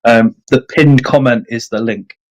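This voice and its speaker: A man's voice: mid-range voice, a little slow, darkish tone, poor audio. A man hosting a casual livestream chat, self-deprecating and reading out viewer comments. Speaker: livestream host. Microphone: streaming setup.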